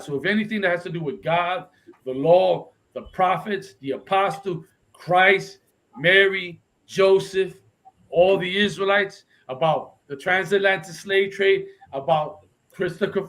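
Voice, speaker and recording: A man's voice: sits high, a bit bright, rough recording. A man teaching a confrontational Bible lesson, pressing listeners with repeated "right?" and switching between English and Spanish. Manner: emphatic, keeps asking "right?" for agreement. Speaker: religious instructor.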